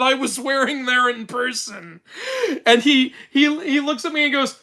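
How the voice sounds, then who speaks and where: A man's voice: very high voice, sing-song, slow pace, gravelly, pushed and bright. A young man hosting a casual live-stream Q&A from his room, talking into a phone, rambling with restarts and laughing as he tells stories. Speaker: YouTube mythology channel host.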